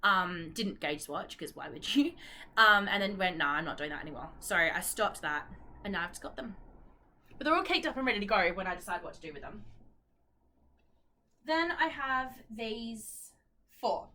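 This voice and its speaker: A young woman with an Australian accent chats casually, rambling from one thought to the next and apologizing often. Her tone is bright and forward, at a middle pitch. She fills her pauses with plenty of ums. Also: expressive, a little hiss or hum. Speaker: knitting vlogger. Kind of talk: casual chat.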